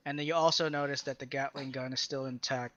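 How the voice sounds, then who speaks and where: A man's voice: medium pitch, steady tone, quick pace, sharp tone, no echo, lo-fi sound. A man running a tabletop game as game master, talking casually with frequent fillers and restarts.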